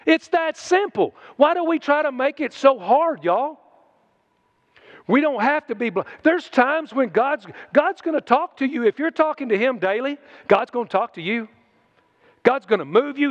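A man's voice: high-pitched, highs cut off. A man preaching a sermon in a folksy, conversational way, mixing in humor.

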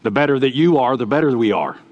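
A man preaching a sermon, telling folksy stories and swinging between loud outbursts and quiet asides. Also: medium pitch, lively intonation, quick pace, highs cut off. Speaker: pastor.

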